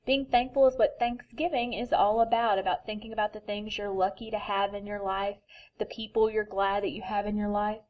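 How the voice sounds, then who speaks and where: A woman teacher reading a picture book to children, then giving instructions in a gentle, expressive, patient way. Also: mid-range voice, a little fast, muffled recording.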